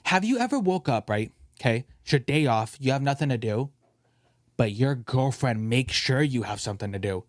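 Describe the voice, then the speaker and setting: A man's voice: medium pitch, expressive, moderate pace, no room sound, studio quality. A man hosting a casual podcast, ranting and joking with his co-host, often mimicking other people's voices.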